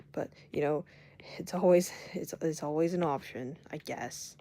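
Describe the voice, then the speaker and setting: A young adult rambling casually while drawing, joking at their own expense and dropping into hushed asides. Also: medium pitch, fairly even intonation, moderate pace. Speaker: vlogger doodling on stream. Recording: loud background noise with clicks.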